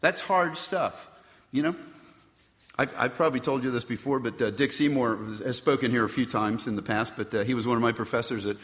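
A man's voice: mid-range voice, brisk, fairly bright tone. A man preaching a sermon as pastor, reading scripture and asking the congregation rhetorical questions in a conversational way. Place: church sanctuary. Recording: long hall reverb.

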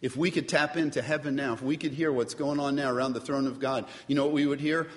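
A man preaching a sermon, animated, addressing the congregation with asides and questions. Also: mid-range voice, brisk, few pauses. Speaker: pastor. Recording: long reverb of a large hall.

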